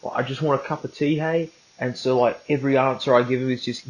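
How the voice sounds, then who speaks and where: A man's voice: medium pitch, fairly even intonation, fast talker. A man with an Australian accent telling absurd comic stories in a slack drawl full of "like" and "mate". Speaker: comedic YouTuber. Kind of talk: rambling absurd comic monologue.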